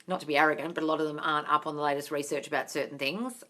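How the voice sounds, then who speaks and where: An Australian woman, a manifestation coach, hosts a live Q&A, reading viewers' comments aloud, calling them darling and swearing casually. Her voice is deep and bright, with fairly even intonation and a racing, pushed delivery.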